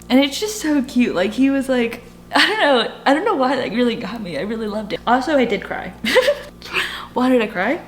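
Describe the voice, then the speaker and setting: A woman's voice: a little high, lively intonation, moderate pace. A young woman talks through her reading in a loose, rambling way, often stopping herself to laugh at her own slips. She circles back and restarts her thoughts. A faint hum sits under her voice. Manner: rambling, self-mocking, lots of fillers and restarts. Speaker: book vlogger. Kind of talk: casual reading vlog chat.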